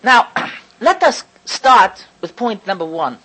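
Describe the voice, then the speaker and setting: A woman teaching a religious lecture to an audience, stressing key words slowly and often restarting phrases as she thinks aloud. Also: mid-range voice, big pitch swings, sharp tone, husky, low-quality recording. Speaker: Torah lecturer.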